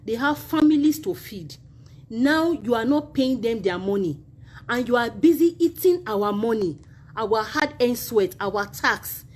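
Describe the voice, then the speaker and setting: A woman's voice: fairly high pitch, a little mellow. A woman with a Nigerian accent, a university union member making an impassioned video appeal, emphatic and indignant, repeating her points.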